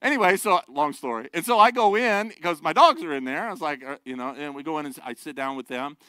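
Male pastor, middle-aged, sermon, conversational, joking asides, animated pitch, dry close sound. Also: quick pace, no room sound.

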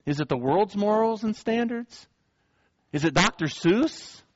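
A man's voice: high-pitched, animated, a little slow, dry recording. A man preaching a sermon as pastor, reading scripture and earnestly asking the congregation direct questions, on a dull, dry, lo-fi recording.

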